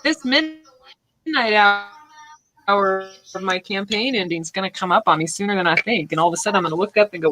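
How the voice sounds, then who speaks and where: A woman's voice: medium pitch, bright, forceful tone, faint music behind, low-quality recording. Chatty woman host on a video call. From Louisiana. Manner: chatty, effusive, quick to laugh. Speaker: art streamer, host. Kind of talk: casual video chat.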